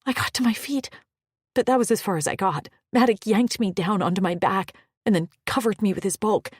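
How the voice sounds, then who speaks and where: A woman's voice: mid-range voice, brisk, breathy edge, no room sound, studio quality. A woman narrating a first-person romance audiobook with an emotional, often whispered delivery.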